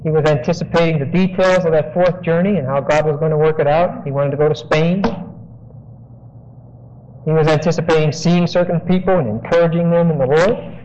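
A high-pitched man teaches verse by verse, slowly explaining each word and pausing so listeners can note phrases. The recording is dull and lo-fi, like an old tape of a sermon. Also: fairly even intonation, a little mellow. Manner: explanatory, dictates phrases for notes. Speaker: preacher. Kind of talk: expository Bible teaching.

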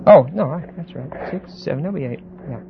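Guy teaching bible class, kinda high voice, stops and repeats a lot, dull old tape w/ faint hiss. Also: expressive, creaky. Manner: halting, repeats words, checks with students.

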